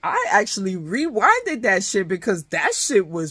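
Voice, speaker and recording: Profane, animated woman recapping reality TV. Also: medium pitch, unhurried, breathy edge, dry recording, clean studio sound. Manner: profane, animated retelling with many restarts. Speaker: reality TV reviewer. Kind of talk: casual recap commentary.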